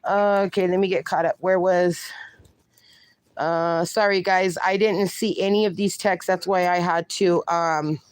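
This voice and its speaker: A woman hosting a casual phone livestream at home, chatting warmly with viewers and calling them darling and honey. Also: fairly low pitch, fairly even intonation, measured pace, clean tone, dry recording. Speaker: livestream host. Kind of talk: casual livestream chat, reading chat aloud.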